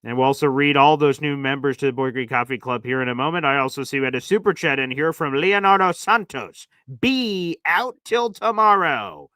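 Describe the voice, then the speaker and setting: A man's voice: a little high, normal speed, few pauses, pushed and bright, dry recording, clean studio sound. A man hosting a casual sports livestream, hyped up and calling his viewers "baby" as he reads off gifts. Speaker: livestream host.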